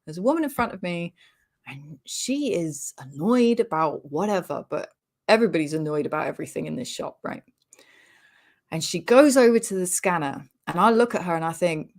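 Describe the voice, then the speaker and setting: A British woman comedian in her forties, telling a sweary, animated anecdote in casual chat over a remote call. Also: fairly low pitch, moderate pace. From Britain. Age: 40s. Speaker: comedian guest.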